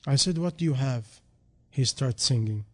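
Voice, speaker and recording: A man preaching a sermon in non-native English, dropping to quiet reflection and then rising into loud, emphatic calls. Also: medium pitch, moderate pace, husky.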